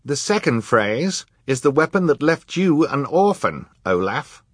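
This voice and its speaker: Guy doing a careful earnest librarian, a bit higher and husky. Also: big pitch swings, unhurried, a bit bright, no room sound, studio quality, exaggerated voice. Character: earnest male librarian, riddling.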